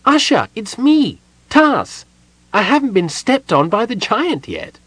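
A man voicing an excitable, chatty small male kender in a fantasy audiobook. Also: high-pitched, slow, no room sound, voice pushed up, exaggerated voice. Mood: cheerful.

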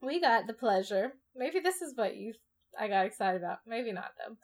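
A woman's voice: a little high, lively intonation, normal speed. A woman co-hosting a podcast in casual chat, bubbly and chatty with lots of filler words. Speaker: podcast co-host.

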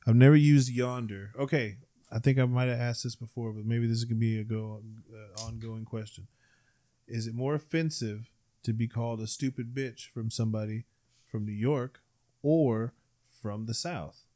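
A man's voice: mid-range voice, moderate pace. Crude young man asking loose questions. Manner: crude, questioning, trails off quietly. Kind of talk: casual chat.

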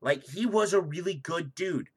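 A man co-hosting a comedy podcast, telling a story loudly and profanely in casual chat. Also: on the high side, normal speed, husky. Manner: profane, loud and animated storytelling. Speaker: podcast co-host.

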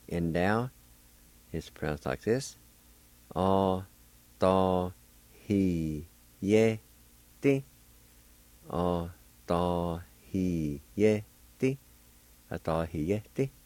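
Deep, slow-spoken male radio teacher. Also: a little mellow, no echo. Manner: spells words letter by letter and repeats each word slowly. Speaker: radio host teaching Cherokee words. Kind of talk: slow radio language lesson.

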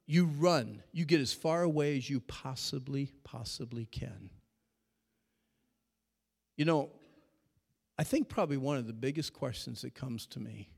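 A middle-aged man preaching an animated sermon to young people, swinging between shouting and hushed storytelling. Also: mid-range voice, measured pace, vocal fry, long pauses, slightly rough. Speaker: youth speaker. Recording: long reverb of a large hall.

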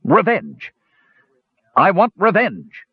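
A man's voice: fairly high pitch, big pitch swings, normal speed, husky, no echo, pitched above the performer's own voice. Man playing a sneering brute warrior. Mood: raging. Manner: mocking, bellowing threats. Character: vengeful brutish male warrior, arrogant and mocking. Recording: dull dry lo-fi recording.

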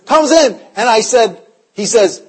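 Husky high-voiced male preacher telling stories. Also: a little slow. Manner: animated, voice swinging between loud and hushed. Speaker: revival preacher. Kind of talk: storytelling sermon.

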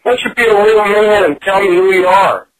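A man with a notably high-pitched voice yells insults down a prank phone call. He stays hostile and keeps swearing. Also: brisk.

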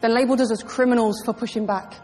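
A woman's voice: on the high side, steady tone, fast talker, darkish tone, in a large hall, faint music behind, natural voice. A woman in a film clip speaking with defiant indignation.

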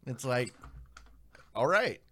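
A man with a mid-range voice co-hosts a casual tech podcast. He explains news stories in a halting way, full of pauses and restarts. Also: medium pitch, very animated, bright, forceful tone. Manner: explanatory, hesitant, many ums and restarts. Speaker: podcast co-host.

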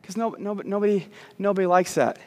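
A pastor preaching a sermon, emphatic and repetitive, with joking asides to the congregation. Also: male voice, sits high, brisk, a little mellow. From Southern United States (Arkansas, Texas). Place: church sanctuary. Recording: long church reverb.

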